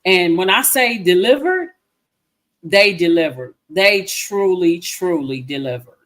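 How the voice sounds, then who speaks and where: A woman's voice: fairly low pitch, lively intonation, a little slow. A woman, chatting effusively as a filmmaker guest and repeating herself for emphasis. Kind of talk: casual interview chat.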